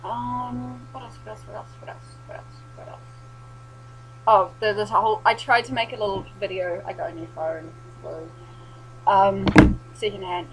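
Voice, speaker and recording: A young woman, telling a sweary, animated story in a casual vlog recap. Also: mid-range voice, moderate pace, slight background noise, low-quality recording. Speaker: vlogger.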